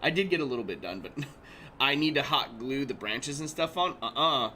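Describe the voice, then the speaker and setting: Bright-voiced guy in his 30s chatting on a crafting livestream, laughs a lot, faint hiss behind. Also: mid-range voice, lively intonation, moderate pace. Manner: chatty, laughs often, reads chat aloud. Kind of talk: casual livestream chat.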